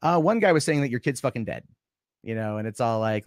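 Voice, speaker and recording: A man who is a guest on a live stream, answering accusations in a defensive, halting way and swearing often. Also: fairly low pitch, lively intonation, dry recording, studio quality.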